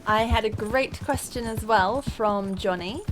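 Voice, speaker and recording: A woman's voice: on the high side, measured pace. A woman chatting casually as she plays through a video game, thinking aloud and rambling a little. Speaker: let's play gamer. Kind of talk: casual gameplay commentary. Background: game music and horse hooves.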